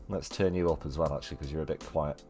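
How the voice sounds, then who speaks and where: A man with a Mancunian accent hosting a casual live-stream chat, jokey and quick to laugh. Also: extremely low pitch, dark tone. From Manchester, England. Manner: jokey, chatty, laughs easily. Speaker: streamer host. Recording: faint music underneath.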